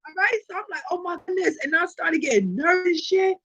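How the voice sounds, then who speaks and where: A woman with a high voice tells a personal story straight to her viewers in a casual vlog. Her delivery is animated and full of profanity. She keeps checking in with the audience as she goes. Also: fast talker, dull audio. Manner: frequent rhetorical check-ins to viewers. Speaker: tarot reader and channel host.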